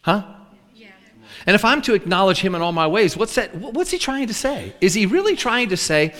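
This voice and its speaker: A man's voice: high-pitched, sing-song, a little fast, a bit bright. A man preaching a sermon in a folksy, joking storytelling manner. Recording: long hall reverb.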